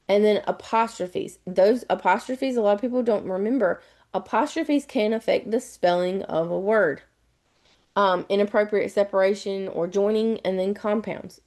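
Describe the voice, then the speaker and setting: A woman's voice: medium pitch, a little mellow. A middle-aged woman teaching a live online lesson on spelling rules, explaining patiently and spelling words out letter by letter.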